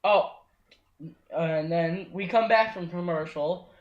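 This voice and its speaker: A man's voice: sits high, takes it slowly, dull audio. A young man hosting a casual podcast, leading the rundown in a laid-back way. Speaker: podcast host. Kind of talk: casual chat recapping wrestling. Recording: echoey room.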